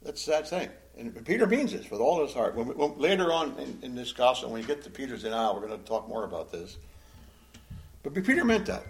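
A man teaching a Bible study in a conversational, animated style, acting out the quotes he reads. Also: mid-range voice, a little fast.

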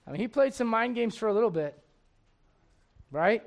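Animated, folksy man preaching a sermon. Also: sits high, moderate pace, gravelly. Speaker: pastor.

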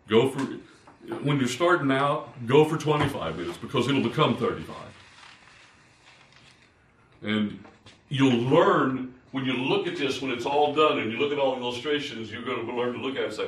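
An older man, a pastor, teaching fellow preachers in an informal, animated way, poking fun at himself and swinging between loud and soft. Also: medium pitch. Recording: roomy, distant from the mic.

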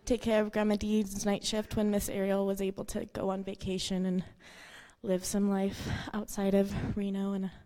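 A woman's voice: mid-range voice, monotone, normal speed, mellow. A woman giving a eulogy for the woman she took as her grandmother, telling personal stories, acting out quotes and laughing through tears.

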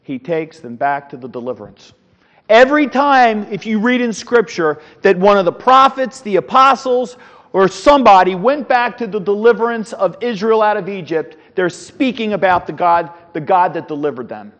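Bible teacher, man, high-voiced, emphatic; lo-fi, echo-heavy church recording. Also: animated, normal speed, fairly bright tone. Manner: emphatic, repeats words while finding phrasing. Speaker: Sunday school teacher. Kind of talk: Bible lesson. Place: church classroom. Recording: dull, reverberant hall recording.

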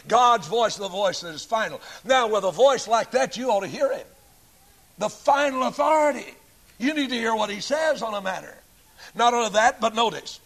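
A middle-aged man preaching a sermon, emphatic, swinging between loud declarations and low asides.

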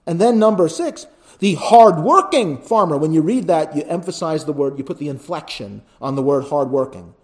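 A man preaching a sermon as pastor, building to loud emphatic repetitions, then dropping to quiet pleading, and often asking his listeners "right?". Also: fairly high pitch, a little fast, hardly any pauses. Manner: asks the congregation "right?".

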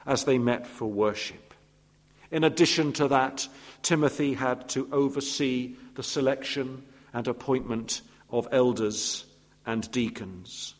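Guy preaching a sermon, storytelling with little voiced asides, big echoey church hall. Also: medium pitch. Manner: warm storytelling with playful asides and voiced quotes. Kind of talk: expository sermon. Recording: long reverb of a church hall.

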